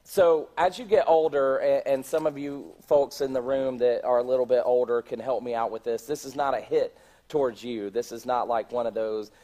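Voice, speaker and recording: A man's voice: medium pitch, fairly even intonation, normal speed, dark tone. A middle-aged man preaching in a church, speaking conversationally, often restarting his words and asking the congregation questions. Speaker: pastor. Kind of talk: sermon.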